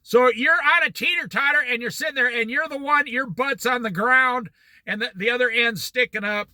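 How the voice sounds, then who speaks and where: A man's voice: very high-pitched, moderate pace, sharp tone, no echo. A man giving a motivational talk in a folksy way, repeating his points for emphasis. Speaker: speaker.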